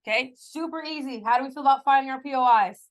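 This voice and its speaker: A woman's voice: sits high, fast talker. A woman teaching a math class, talking casually, often checking in with her students and joking about her own slips. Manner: playful self-mocking asides. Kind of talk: classroom lecture.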